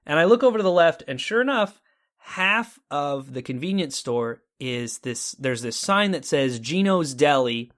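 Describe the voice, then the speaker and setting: A man's voice: on the high side, big pitch swings, moderate pace, a bit bright. A man from Texas co-hosting a casual talk show, telling a story animatedly and acting out his own reactions. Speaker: podcast co-host.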